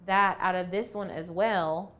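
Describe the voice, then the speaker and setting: A woman's voice: on the low side, steady tone, unhurried, fairly bright tone. Chatty woman teaching a craft tutorial. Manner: chatty, playful, thinks aloud. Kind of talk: casual screen-share tutorial.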